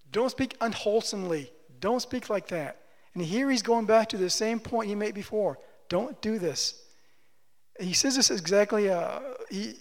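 Male preacher, high voice, emphatic sermon delivery with rhetorical questions, reverberant church hall. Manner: emphatic, repeats phrases, asks the congregation questions. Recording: long reverb of a large hall.

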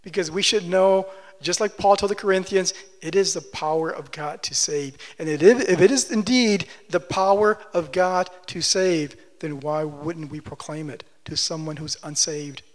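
A man preaching a sermon, building to loud, emphatic passages and dropping back to quiet, plain reading of scripture. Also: a little high, moderate pace. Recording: long hall reverb.

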